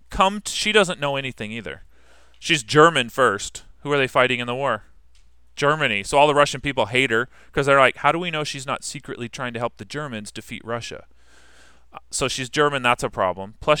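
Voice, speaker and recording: Bright, crisp-voiced male history teacher. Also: mid-range voice, dry recording, clean studio sound. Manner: conversational, quizzes the class with rhetorical questions. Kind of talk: casual classroom lecture.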